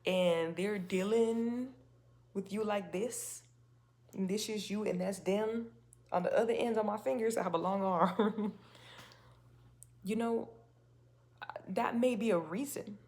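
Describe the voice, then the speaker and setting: A woman's voice: medium pitch, a little slow, pauses often, darkish tone. A woman hosting a faith-based talk video, speaking casually and emphatically with rhetorical questions. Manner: chatty and emphatic, with many restarts and rhetorical questions. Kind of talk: casual spoken talk to camera.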